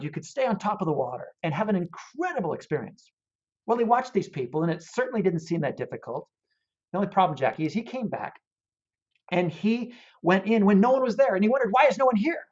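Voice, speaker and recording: A man, a guest in a casual interview, telling a story in an animated, earnest way. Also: high-pitched, slightly rough. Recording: dull lo-fi audio.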